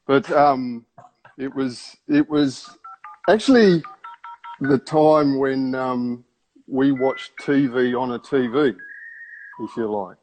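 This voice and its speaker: A man's voice: medium pitch, slow, long pauses, a little mellow, a little hiss or hum, rough recording. Aussie comedian guy, wry and meandering, lots of ums before getting to the point. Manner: wry, meandering, hesitant build-up. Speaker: stand-up comedian. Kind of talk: storytelling.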